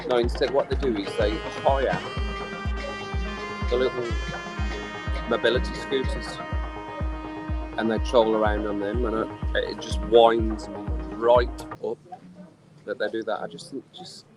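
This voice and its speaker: A man's voice: lowish voice, little pitch movement, a little slow, pauses often, low-quality recording. A man ranting in a rambling, exasperated way during a casual live stream from an outdoor poolside bar, audibly tipsy from drinking. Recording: clear music behind the voice. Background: music playing.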